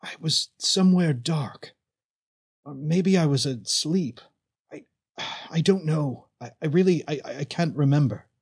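A man's voice: fairly high pitch, gravelly, a little mellow, breathy edge, heavily acted. A man reading the part of a confused, shaken young man who stammers and halts through his lines. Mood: dazed, confused. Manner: halting, stammering.

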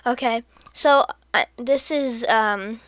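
A woman hosting a podcast in casual commentary, sarcastic, laughing often and dropping into soft muttered asides. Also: on the high side, slow, dry recording, dull audio. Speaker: podcast host.

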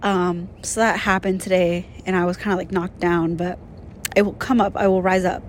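A woman's voice: on the low side, little pitch movement, moderate pace, slight background noise. A young woman hosting a casual solo podcast, tearful and emotional, rambling with many fillers. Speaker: podcast host.

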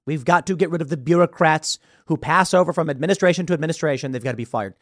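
A podcast host delivers opinionated political commentary, animated and quick to slip into voices. His voice sits fairly high for a man, recorded dry and close in a studio. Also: no room sound. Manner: opinionated, animated, slips into impressions.

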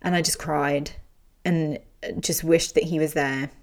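A woman's voice: low-pitched, steady tone, a little slow, darkish tone. A young adult woman candidly telling an emotional personal story, speaking frankly and swearing freely.

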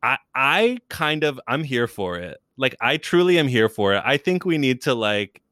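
A young man chatting casually as a podcast guest, rambling with lots of fillers and quick impressions. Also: medium pitch, sing-song, sharp tone, no room sound, studio quality. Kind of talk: casual chat.

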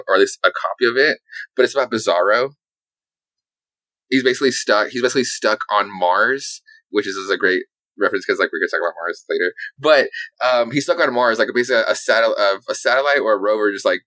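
A man's voice: lowish voice, bright, forceful tone, no room sound, low-quality recording. A man in casual chat, rambling through comic book stories with lots of fillers and swearing.

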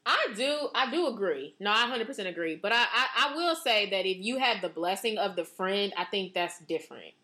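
Animated young woman, bright slangy podcast chat. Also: medium pitch, brisk, hardly any pauses. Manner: animated, slangy, acts out quoted reactions. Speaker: podcast co-host. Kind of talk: casual chat.

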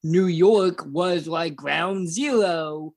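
A man's voice: fairly high pitch, very slow, darkish tone. A man co-hosting a political podcast, talking casually and bluntly with plenty of swearing. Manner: blunt, profane. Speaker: podcast co-host.

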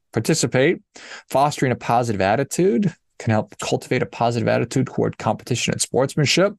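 A middle-aged man hosting a podcast, telling a story in a casual, animated and exasperated way. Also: medium pitch, vocal fry, no room sound, clean studio sound. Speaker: podcast host.

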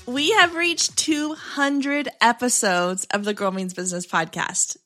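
A woman's voice: fairly high pitch, expressive, moderate pace, few pauses, pushed and bright. A woman, hosting her own podcast in an upbeat, chatty way, often restarting and saying "like". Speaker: podcast host. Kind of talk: solo podcast episode.

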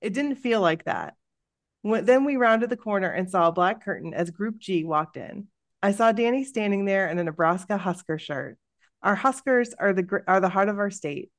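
A woman podcast host reading a listener's story aloud in a lively, expressive way. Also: mid-range voice, moderate pace, no echo, clean studio sound.

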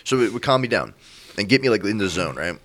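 Animated young guy telling a story. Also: fairly low pitch, fast. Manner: animated, laughs often, swearing, does voices of coworkers. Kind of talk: casual storytelling chat.

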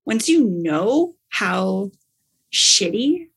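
Brief: woman, casual storyteller, husky, excitable, gushes and acts out quotes. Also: mid-range voice, very slow. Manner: bubbly, gushing, acts out quotes with big excited outbursts.

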